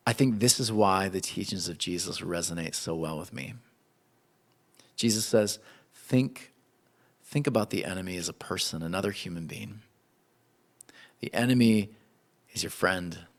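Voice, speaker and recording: A man preaching a sermon in an animated, conversational way. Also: low-pitched, moderate pace, long pauses. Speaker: pastor.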